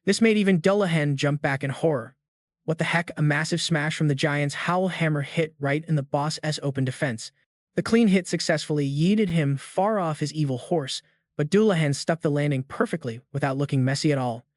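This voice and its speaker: A man narrates a comic recap with a slightly raised pitch and a slangy, hyped-up delivery. The sound is dry and close, with no room around it. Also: moderate pace, no echo. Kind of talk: scripted narration.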